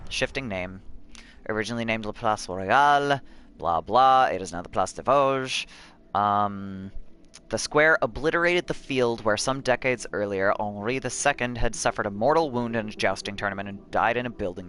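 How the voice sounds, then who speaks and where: A man streaming a game, chatting casually and thinking aloud with many pauses and ums. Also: fairly low pitch, fairly bright tone. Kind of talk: casual live-stream chat.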